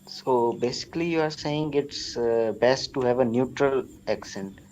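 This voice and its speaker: A man's voice: mid-range voice, a little slow, a little mellow, dull audio, slight background noise. A man who is a student on an online class call, asking earnest questions with some fillers.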